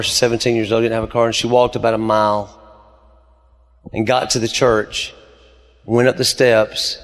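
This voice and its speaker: Man preaching in a reverberant hall. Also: mid-range voice. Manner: preaching with rising emphasis, storytelling. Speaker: pastor. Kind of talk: sermon.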